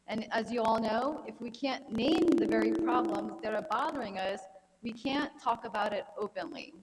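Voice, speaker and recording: A woman's voice: a little high, moderate pace, big-room sound, a little hiss or hum, low-quality recording. A woman in her thirties, a gynecologic oncologist, giving a friendly, anecdotal health talk at a conference. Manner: friendly, anecdotal, conversational lecturing. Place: conference hall.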